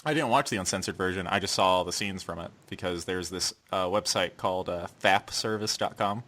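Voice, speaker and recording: A man with a somewhat low voice hosts a relaxed podcast conversation. He steers the talk casually and swears freely, with lots of "uh" and "like" between his points. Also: a little fast. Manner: leads the discussion, loose and profane, with many fillers. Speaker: podcast host.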